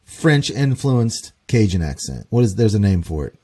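A man's voice: on the low side, big pitch swings, moderate pace, mellow, breathy edge. A man hosting a podcast, asking eager, curious questions and tripping over his words as he starts them. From American Midwest. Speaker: podcast host. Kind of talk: casual interview chat.

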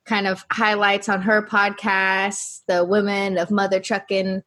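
A woman with a medium-pitched voice talks on a roundtable panel. She sounds upbeat and enthusiastic in a relaxed, chatty way. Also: a little slow. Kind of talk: casual roundtable chat.

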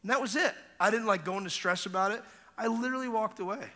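A man preaching a revival sermon as an evangelist, telling stories and acting out voices, going from hushed to shouting. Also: high-pitched, fast talker. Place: large church hall. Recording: long hall reverb.

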